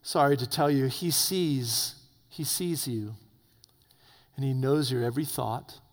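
A man preaching an evening sermon, swinging between loud urgent peaks and low hushed warnings. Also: a little slow. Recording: long reverb of a hall.

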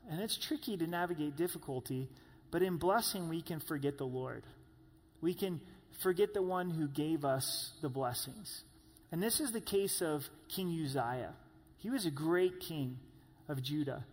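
A man preaching a sermon, who rises to loud high cries when he voices pleas. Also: long reverb tail.

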